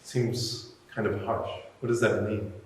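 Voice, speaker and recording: A man's voice: lowish voice, fairly even intonation, a little hiss or hum. Man preaching in an echoey hall. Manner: reflective, musing with pauses. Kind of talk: sermon. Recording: echoey hall, mic far off.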